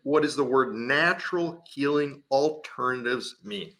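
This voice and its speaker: A man's voice: medium pitch, measured pace, fairly bright tone. A man hosting a radio interview show, upbeat and enthusiastic as he introduces his guest. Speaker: show host.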